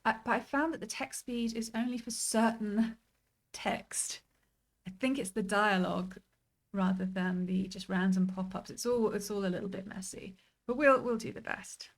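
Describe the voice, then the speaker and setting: A woman's voice: mid-range voice, moderate pace. A woman streaming a game, chatting casually in a rambling, self-deprecating way. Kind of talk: casual gameplay commentary.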